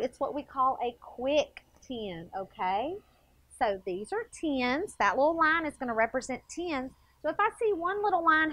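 A woman's voice: high-pitched, dry recording. A woman, a second grade teacher giving a playful TV math lesson and talking straight to the children. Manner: playful, animated, talks straight to kids. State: a little out of breath.

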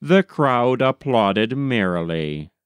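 Male audiobook narrator, measured and gentle, unhurried with a smooth, dry close-up sound. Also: medium pitch, sing-song, dry recording. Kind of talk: scripted narration.

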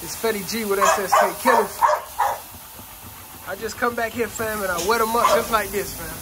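A middle-aged man vlogging casually while doing kennel chores, talking loosely in slang, calling viewers fam and shouting at his dogs. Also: high voice, fairly even intonation, moderate pace. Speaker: dog kennel owner. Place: outdoor dog yard with kennels. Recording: outdoor yard noise with dogs barking. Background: dogs barking.

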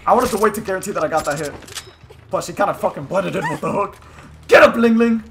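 A young man giving live commentary on his own gameplay, excitable and swearing often, yelling at players and then muttering tactics. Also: high voice, fast talker, creaky, a little hiss or hum. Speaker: gaming YouTuber.

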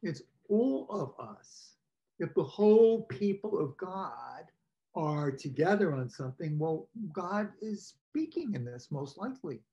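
Priest giving an informal parish talk. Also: male voice, a little high, sing-song, a little slow, mellow, lo-fi sound. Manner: informal, with asides and questions to the audience; clears throat now and then. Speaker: priest leading a parish workshop. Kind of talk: conversational teaching talk with slides. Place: parish meeting presenting slides.

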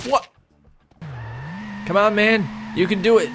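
A man giving playful, joking let's-play commentary and excitedly cheering on the action. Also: fairly high pitch, normal speed, long pauses, slight background noise. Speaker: gaming commentator.

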